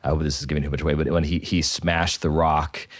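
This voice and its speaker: A man's voice: rumbling low, level tone, a little fast, no echo, studio quality. A man, a priest co-hosting a podcast, talking reflectively with frequent repeated starts. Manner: thoughtful, with many repeated starts.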